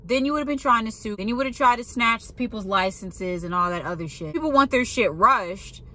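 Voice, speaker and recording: A woman's voice: a little high, lively intonation, fairly quick, pushed and bright. A young woman who works in a pharmacy, ranting in a blunt, profane and sarcastic way in a casual monologue. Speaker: pharmacy worker venting.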